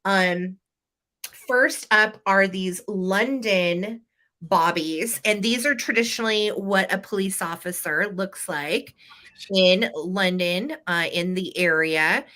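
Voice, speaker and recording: A woman's voice: mid-range voice, slow pace, sharp tone. A woman hosting a live vintage sale, chatty and playful, laughing often as she shows collectibles and runs the bidding.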